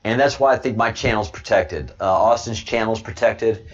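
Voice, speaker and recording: A man's voice: lowish voice, moderate pace, lo-fi sound. A man hosting a casual livestream, rambling to his chat and stammering over repeated words with frequent chuckles. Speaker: livestream host reading chat.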